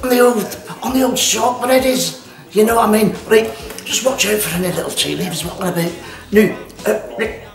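A man's voice: high-pitched, a little fast, creaky, a crowd in the background. Jokey man hosting a cooking show. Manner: chatty, joking, sipping whisky between steps. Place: kitchen at an activity centre. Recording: echoey room, mic at a distance, music behind.

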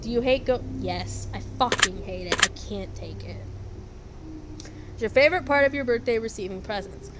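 A woman's voice: mid-range voice, fairly bright tone. A young adult woman vlogging in a casual, blunt way, sarcastic and swearing constantly while she answers quiz questions. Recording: noisy background.

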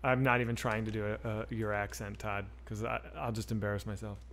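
A man's voice: lowish voice, little pitch movement, a little fast, a bit bright, a little hiss or hum. A man in his forties streaming a video game, chatting loosely with his viewers and swearing as he plays. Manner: loose and profane, talks to chat while playing. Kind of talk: casual gaming livestream chat.

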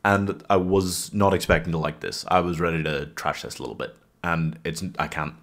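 A man's voice: low-pitched, fairly even intonation, normal speed, a bit bright. Casual, wry male film reviewer.

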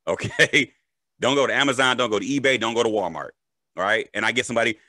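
A man's voice: mid-range voice, fast talker, sharp tone, no echo. An adult man, a father, explaining crypto casually with a joking manner and frequent "right?" and "okay?" check-ins. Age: adult, a parent. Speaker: crypto educator.

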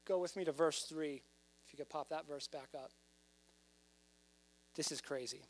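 A man preaching a sermon as pastor, talking to his congregation and often rising to loud emphasis. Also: fairly high pitch, fairly even intonation, normal speed.

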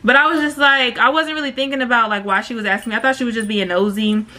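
A woman's voice: on the high side, fast. A woman telling a story on her vlog in slangy casual chat, acting out what people said. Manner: slangy, animated, acts out quoted voices. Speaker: storytime vlogger.

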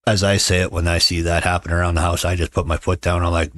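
A man's voice: low voice, little pitch movement, fast, hardly any pauses, fairly bright tone, no echo, clean studio sound. A middle-aged man hosting a casual livestream, chatting with viewers in a sarcastic, joking way and telling stories. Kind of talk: casual chat.

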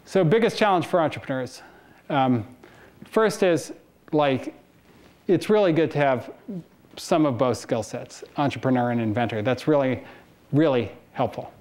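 A man's voice: medium pitch, moderate pace, a little mellow. A man in his forties giving a casual conference talk to students, telling anecdotes and laughing between stories. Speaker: guest speaker. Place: lecture hall.

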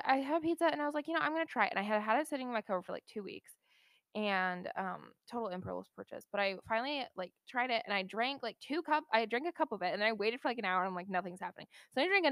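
A woman's voice: fairly high pitch, no room sound, clean studio sound. A woman co-hosting a podcast, telling stories in a chatty casual way with lots of fillers. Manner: chatty storyteller, many fillers. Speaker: podcast co-host. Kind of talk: casual chat.

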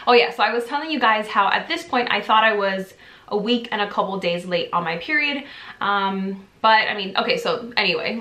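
A young woman talks straight to the camera from her home office and tells a story in a casual, animated way. She laughs often and jumps up into a higher voice when she acts out what people said. Her voice is bright and carries some echo from the room. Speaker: vlogger. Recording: echoey room.

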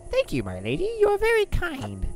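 A woman's voice: very high voice, huge pitch swings, fairly quick, heavily acted. A woman voicing a polite, frail old male rat who speaks courteously and apologetically, in a game playthrough. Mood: courtly.

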